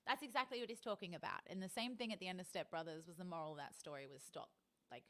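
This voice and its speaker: A woman's voice: lowish voice, fast, bright, forceful tone. An Australian woman in her thirties chatting in a rambling, casual way on a live stream, with many ums and frequent laughs.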